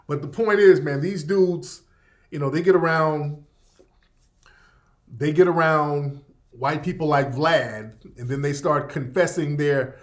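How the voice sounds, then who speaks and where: A man's voice: on the high side, a little slow. A man hosting a radio show in casual livestream commentary, rambling and profane, repeating himself and reacting to chat.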